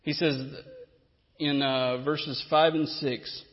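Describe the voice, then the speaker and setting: A man's voice: fairly high pitch, steady tone, slow pace. A man preaching a sermon as a pastor, explaining scripture earnestly with frequent fillers and restarts. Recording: reverberant hall, slightly dull sound.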